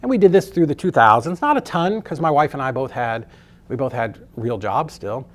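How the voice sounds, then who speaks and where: A man's voice: medium pitch, lively intonation, normal speed. A middle-aged man teaching a real estate course in a casual storytelling way, loose and chatty, with frequent swearing.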